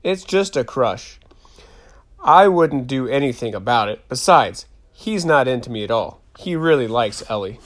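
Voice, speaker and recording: A man's voice: mid-range voice, lively intonation, normal speed, lightly acted. A man voicing a playful, sometimes shy preteen girl with a sing-song teasing manner in an audiobook.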